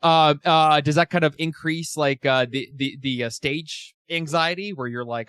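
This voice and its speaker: A man hosting a podcast, talking in a rambling, animated way with many restarts. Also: on the high side, normal speed, clean tone, no room sound, studio quality. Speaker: podcast host. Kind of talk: casual interview.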